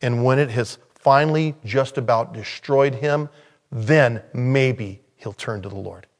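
A man preaching a sermon in a conversational way, with sudden loud, high-pitched bursts of emphasis. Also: measured pace. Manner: conversational, thinking aloud. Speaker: pastor.

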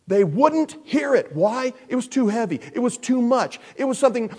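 A man preaching a sermon. He is animated, swings from loud emphasis to hushed asides, and acts out the people he quotes. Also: extremely high pitch, moderate pace, few pauses. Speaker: pastor.

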